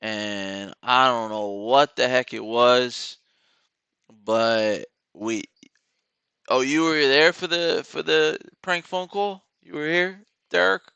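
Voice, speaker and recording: A man's voice: mid-range voice, slow, gravelly, pushed and bright, clean tone, no room sound. Man chatting on a trading stream. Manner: rambling, talks to chat while watching charts. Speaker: trading live-stream host. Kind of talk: casual live-stream chat.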